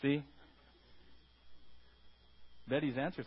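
Male pastor, husky, high-pitched, animated sermon delivery, dull lo-fi church sound. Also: normal speed. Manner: animated, calls out "Amen?" and "right?" to the congregation; acts out quoted voices with sudden loud, high outbursts. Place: church hall before a congregation.

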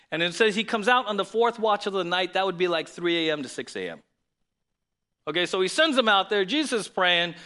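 A man preaching a sermon to his church, lively and conversational, reading scripture aloud and then explaining it. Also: high-pitched. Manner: lively, conversational preaching with sudden loud emphasis. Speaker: pastor.

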